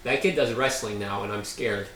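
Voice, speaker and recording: A man's voice: on the low side, moderate pace, a bit bright, echoey room, far from the mic, a little hiss or hum, rough recording. A young man co-hosting a casual chat, laid-back, telling stories with dry jokes and frequent laughs.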